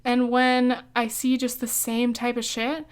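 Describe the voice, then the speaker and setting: Her fairly high voice is clear and resonant yet monotone, and she speaks unhurriedly. Hosting a podcast alone, this young woman chats in a filler-heavy, profane ramble, laughing frequently and occasionally hiccuping.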